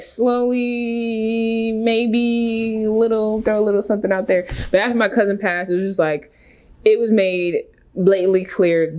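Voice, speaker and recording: A woman in her thirties telling a personal story to camera in a casual, earnest way, often restarting her sentences. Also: mid-range voice. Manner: earnest, rambling with frequent restarts. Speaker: vlogger.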